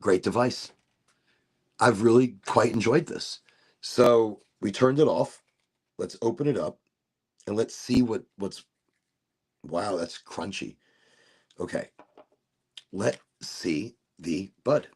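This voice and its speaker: Gravelly, husky laid-back male stream host. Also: medium pitch, lively intonation, slow, long pauses. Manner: loose, giggly, wandering talk with self-interrupting asides. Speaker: livestream show host. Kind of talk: casual rambling livestream chat.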